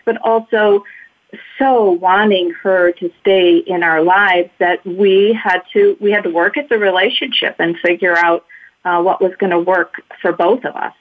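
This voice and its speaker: A woman, a guest who was adopted, reflecting thoughtfully on her reunion, with soft fillers. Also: mid-range voice. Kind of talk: personal reflection. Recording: tinny phone-like line.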